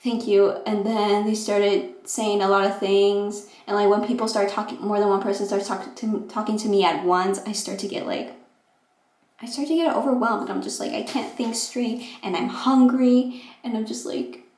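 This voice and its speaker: A young woman telling a rambling, casual storytime vlog about her move-in day, acting out quotes with animated voices. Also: mid-range voice, moderate pace. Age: young adult. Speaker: vlogger. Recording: echoey room.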